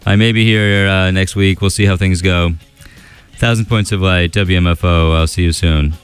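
A man hosting a radio show, chatting casually between songs with a relaxed, rambling delivery and many fillers into a studio microphone. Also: deep voice, moderate pace, soft background music.

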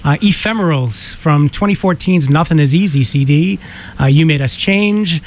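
A man hosting a morning radio show, chatting casually and back-announcing songs with many halting "uh"s. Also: on the high side. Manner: easygoing, filler-heavy, halting back-announcing. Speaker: radio host.

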